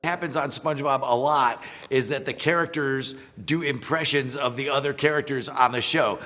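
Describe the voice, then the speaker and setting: A man's voice: mid-range voice, fairly even intonation, moderate pace, bright, forceful tone. Wry middle-aged man with reverb. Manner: dry, wry humor with fillers. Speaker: voice actor reacting to impressions. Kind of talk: playful commentary.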